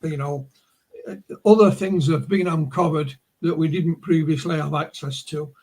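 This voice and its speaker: A man's voice: a little high, steady tone, unhurried, a little mellow. A man with a Yorkshire accent, a guest on a video call, telling stories in a rambling way with many restarts. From Yorkshire, England. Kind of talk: casual conversation, storytelling.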